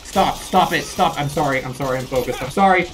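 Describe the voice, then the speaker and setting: A man's voice: a little high, brisk, soft background music. A young man playing a video game and commenting as he goes, rambling and flustered, laughing off his own mistakes and scolding enemies in a jokey way. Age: young adult. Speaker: gamer playing through a shooter. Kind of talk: let's play commentary.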